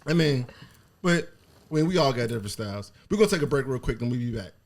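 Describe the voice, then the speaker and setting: Podcast host, male, casual and swearing, lively intonation. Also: medium pitch, quick pace. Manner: laid-back, profane, laughs often. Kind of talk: casual chat.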